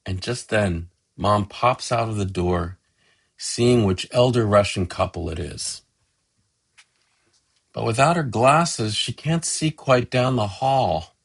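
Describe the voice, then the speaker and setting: A middle-aged man narrating a gentle, affectionate family story as a tribute to his father. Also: fairly low pitch, animated, takes it slowly, gravelly, breathy edge. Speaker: son telling a family story.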